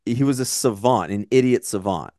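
A man's voice: on the low side, animated, normal speed, dark tone, dry recording, studio quality. Profane, rambling man podcast host. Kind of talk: casual movie-review chat.

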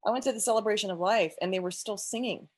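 A woman's voice: medium pitch, fast. A woman sharing an emotional personal faith testimony, earnest, with frequent restarts and quoted prayers.

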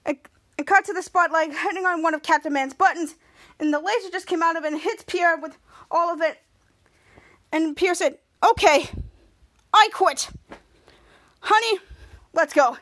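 A woman with a strikingly high voice retells a TV episode scene by scene for her podcast. She stumbles, restarts and backtracks as she goes. The sound is dry and close, with no room echo. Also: fairly even intonation, a bit bright. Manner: halting retelling with frequent restarts. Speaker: podcast host. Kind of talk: casual TV episode recap.

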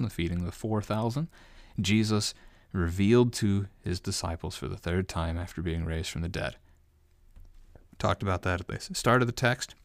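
A man's voice: sits low, dry recording. A man, a pastor, giving an unscripted bible study commentary, thinking aloud and often restarting his phrases.

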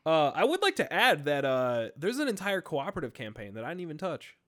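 A man chatting casually as a podcast co-host, retelling things in an excitable, rambling way with lots of fillers and restarts. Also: fairly high pitch, brisk. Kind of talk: casual chat about video games.

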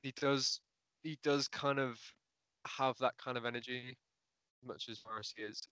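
A man co-hosting a casual music chat, giving halting, thoughtful opinions on an album. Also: medium pitch, fairly even intonation, pushed and bright, no echo. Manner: thoughtful, halting, restarts often. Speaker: podcast co-host.

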